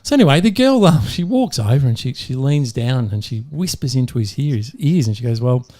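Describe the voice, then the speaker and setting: A man's voice: mid-range voice, brisk. Australian man, podcast co-host, chatty joke-teller, laughs easily, bouncy intonation. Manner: animated storyteller who laughs mid-joke. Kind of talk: casual joke-telling chat.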